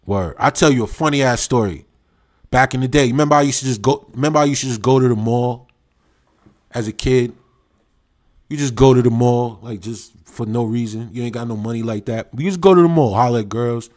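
Male livestream host, animated and slangy, mid-pitched, talks to the chat like old friends. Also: fairly quick. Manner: animated, slangy, reminiscing, talks straight to viewers.

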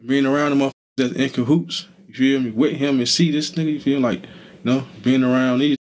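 This young adult guest in a street interview talks fast, his medium-pitched voice fairly even in intonation. He keeps it loose and laid-back, leaning on plenty of fillers like "you feel me."

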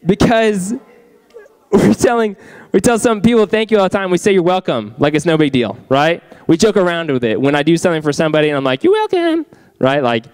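A man's voice: a little high, fairly quick, smooth. A young man preaching to a youth group, chatty and quizzing the audience with questions. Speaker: youth pastor. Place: youth ministry room.

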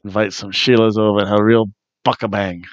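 A man's voice: lowish voice, little pitch movement, fairly quick, no echo, muffled recording, pitched below the performer's own voice, close to an everyday voice. A man doing a put-on Australian accent, voicing a hearty beer-loving bloke with a broad, exaggerated drawl. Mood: jovial.

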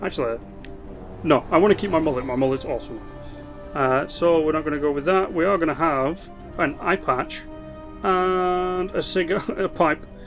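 A man's voice: fairly high pitch, moderate pace, a bit bright, soft background music. Chatty man explaining a strategy game. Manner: chatty, explains game mechanics with restarts and asides. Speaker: gaming video host. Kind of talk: casual gameplay commentary.

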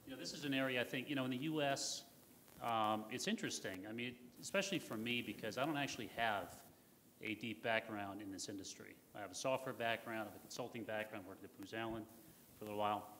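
A man's voice: lowish voice, fast talker, a bit bright. An American man speaking casually on a conference panel, rambling with fillers and admitting he is jet-lagged. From United States. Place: conference hall. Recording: hall reverb, faint noise.

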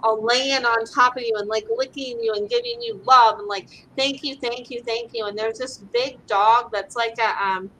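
A woman's voice: a little high, fairly even intonation, moderate pace, hardly any pauses, fairly bright tone, slight background noise, poor audio. A woman from the US West Coast, an animal communicator, chatting casually and filling her talk with "like" and "right?". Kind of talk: casual chat.

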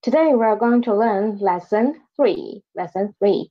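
A woman's voice: medium pitch, animated, unhurried, highs cut off. A woman teaching an online Chinese lesson, saying new words twice and asking learners to repeat after her.

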